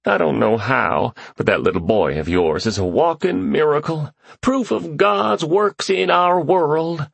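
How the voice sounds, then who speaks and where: A man's voice: lively intonation, normal speed, husky, no echo. A man voicing an overjoyed father leaving a phone message, his voice choked and exhilarated. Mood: excited. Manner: choked, exhilarated voice, high and strained.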